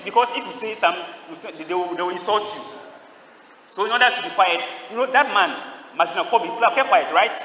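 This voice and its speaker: A priest delivering a homily to a young congregation, quizzing them and drawing answers back in call-and-response. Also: male voice, high voice, sharp tone, slight background noise. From Ghana. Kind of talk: homily at a youth Mass. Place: large church. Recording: echoey church heard from a distance.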